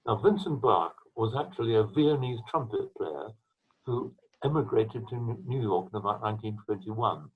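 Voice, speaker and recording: An older English man with a husky voice, answering interview questions over a video call from home in a rambling, anecdotal way. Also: on the low side, expressive, moderate pace, phone-quality sound. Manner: rambling, anecdotal, with restarts and coughs. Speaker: trombonist and mouthpiece maker, interviewee. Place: his home.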